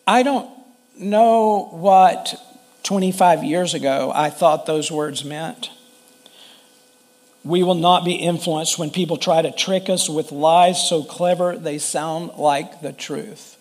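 Male pastor, sermon, high voice, unhurried, earnest and conversational with frequent restarts.

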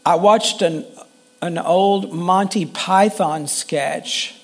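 Male pastor, sermon, high voice, unhurried, earnest and conversational with frequent restarts.

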